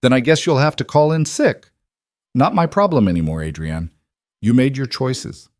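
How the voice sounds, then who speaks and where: A man's voice: medium pitch, lively intonation, moderate pace, no echo, clean studio sound, voice pushed up, natural voice. A man voicing a dismissive ex-husband who speaks in a curt, matter-of-fact way. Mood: cold.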